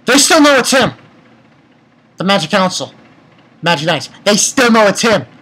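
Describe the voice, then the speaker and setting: Guy ranting through a manga review, bright tone, cusses a lot, gets worked up. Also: high voice, rough recording. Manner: excitable, profane rants, retells scenes with quick quoted voices. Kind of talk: casual manga chapter review.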